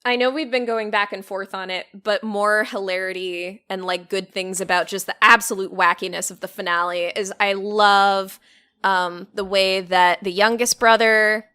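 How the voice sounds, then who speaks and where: Bright-voiced woman co-host, gushing and giggly in a casual anime podcast. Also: mid-range voice, normal speed, clean tone. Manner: excitable, laughs often, swears casually. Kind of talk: casual anime review chat.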